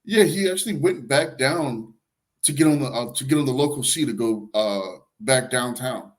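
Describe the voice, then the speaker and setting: A male podcast host telling a story in casual chat, animated, often repeating words as he starts sentences. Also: mid-range voice, normal speed.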